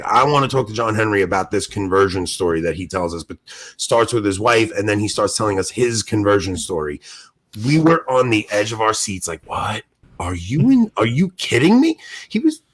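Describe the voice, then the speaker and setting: Excited storytelling podcast guy. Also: on the low side. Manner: excited storyteller, animated, laughs often. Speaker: podcast co-host. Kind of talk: casual podcast chat.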